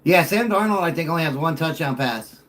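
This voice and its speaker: A middle-aged man hosting a casual sports talk show, animated and joking as he banters with callers. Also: a little high, a little fast.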